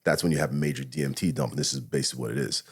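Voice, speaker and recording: Racing through his story in a gravelly, breathy bass with a steady tone, this middle-aged man is a retired SWAT officer guesting on a podcast. He speaks candidly, curses frequently, and acts out his inner thoughts as quoted lines.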